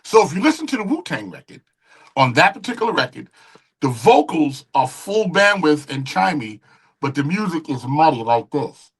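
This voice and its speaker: A middle-aged man, a music engineer and guest, casually telling studio stories in an animated way and acting out the quoted dialogue. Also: on the high side, normal speed, husky. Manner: animated storyteller who acts out quoted dialogue. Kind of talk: casual interview storytelling.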